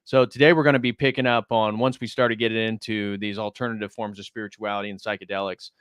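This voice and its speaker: A man hosting a livestream interview, asking his guest questions in a calm, steady way. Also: on the low side, quick pace, clear, resonant tone, no echo, clean studio sound. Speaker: host.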